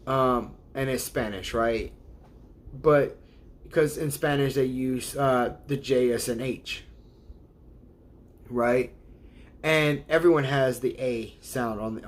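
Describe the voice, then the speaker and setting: Man, livestream host, casual chat, rambling, hesitant, laughs a lot. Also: mid-range voice. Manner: rambling, hesitant, laughs often, sounds out words.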